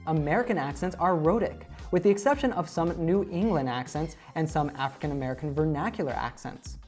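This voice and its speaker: A woman presenting an online English lesson, explaining clearly and speaking directly to viewers. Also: low voice, animated, fairly quick, a little mellow, faint music behind. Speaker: English teacher.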